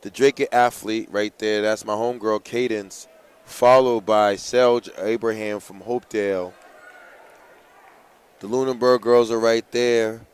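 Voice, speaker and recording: This race announcer at a live track meet hypes runners excitedly, reads heats aloud and gives coaching tips. He speaks unhurriedly in a low-ish, clear, resonant voice.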